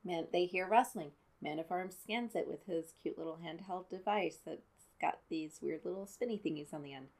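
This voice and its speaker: A woman's voice: lowish voice, normal speed, darkish tone. A woman giving casual, sarcastic commentary as she recaps a movie, exasperated and nitpicking.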